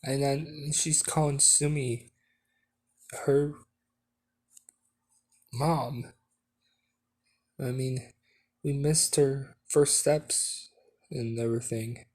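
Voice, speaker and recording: Male storyteller, casual fan-story telling, slow and rambling. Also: medium pitch, steady tone, a little mellow. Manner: rambling, full of fillers and restarts.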